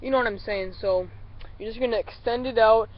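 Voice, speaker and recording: A man who is a little sick, explaining duck calls in a relaxed, rambling tutorial and calling the viewers guys. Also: high-pitched, a little fast. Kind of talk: casual tutorial. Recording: slightly dull lo-fi recording with faint vehicle noise.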